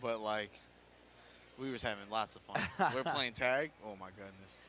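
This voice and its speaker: A man's voice: fairly low pitch, moderate pace, bright, forceful tone. A man giving live co-commentary at a fighting game tournament in a casual, chatty way, often laughing. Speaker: esports co-commentator. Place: tournament venue. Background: music.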